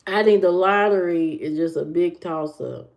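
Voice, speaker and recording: A woman's voice: on the low side, fairly even intonation, normal speed, darkish tone. A woman hosting a casual livestream, giving blunt, opinionated dating advice to her viewers. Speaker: livestream host. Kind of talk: casual live chat reacting to viewers. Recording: muffled lo-fi livestream audio.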